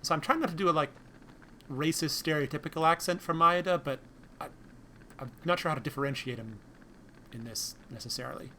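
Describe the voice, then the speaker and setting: Bright-voiced man with wry game commentary. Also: a little high, fairly quick, pauses often, a little hiss or hum. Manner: wry, musing asides. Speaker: streamer.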